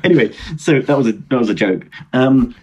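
A man's voice: medium pitch, animated, fairly quick, darkish tone, highs cut off, a little hiss or hum. A man in his twenties, from Britain, telling a rambling, self-mocking story over a video call. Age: 20s. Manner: rambling, self-mocking, lots of fillers and restarts. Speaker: guest.

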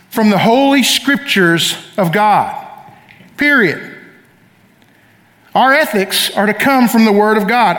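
A man's voice: high voice, fairly bright tone. A middle-aged man preaching a sermon as pastor, speaking emphatically and calling on the congregation to answer back. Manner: emphatic, calls for audience responses. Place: church sanctuary. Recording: long reverb of a church hall.

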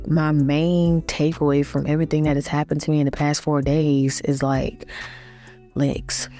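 A woman with a low, mellow voice talks to her viewers in a loose, reflective monologue. She rambles informally with lots of fillers. Faint music plays behind her. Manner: chatty, uses many fillers and informal phrasing. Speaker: vlogger.

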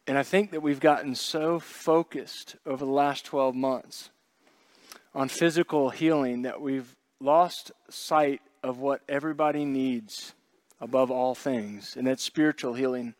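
A man's voice: medium pitch, fairly even intonation, a little slow, no echo. A man preaching a sermon as pastor, talking in a conversational way with joking asides and acting out what people might have said. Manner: conversational, joking asides, acts out quoted voices.

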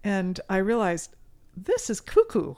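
A middle-aged woman talking as a guest musician in a casual interview, earnest and animated. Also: mid-range voice, unhurried. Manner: earnest and animated, with sudden loud mimicry.

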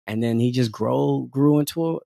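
A man's voice: mid-range voice, moderate pace, gravelly, warm tone, no echo, studio quality. A man in casual conversation, talking openly and animatedly, full of fillers, often acting out other people's voices and laughing. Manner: frequent fillers like "like" and "um".

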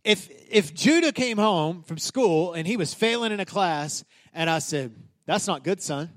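A man's voice: high voice, expressive, unhurried. A man in his thirties, a pastor preaching a sermon in a casual, emphatic way, often restarting his sentences.

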